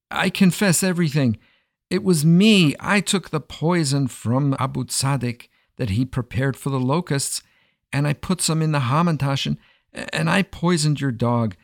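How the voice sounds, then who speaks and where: A man's voice: mid-range voice, lively intonation, unhurried, no room sound, studio quality. A man voicing a scheming male prime minister who pleads and stammers when caught. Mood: begging.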